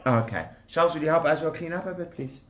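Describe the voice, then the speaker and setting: A man telling a story to children, lively and animated, talking straight to the kids and showing them toy props. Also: a little high, a little fast, reverberant.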